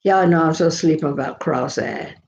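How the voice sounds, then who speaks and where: A woman's voice: sits low, normal speed, a little mellow. An older woman, chatting casually to her viewers in a rambling, folksy storytelling way. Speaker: vlogger. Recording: roomy, slightly dull sound.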